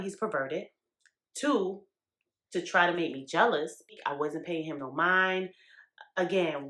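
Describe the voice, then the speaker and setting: Emphatic low-voiced woman podcaster, echoey room. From New York. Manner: emphatic and animated, talks straight to the audience with slang. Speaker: podcast host. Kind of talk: casual monologue to listeners.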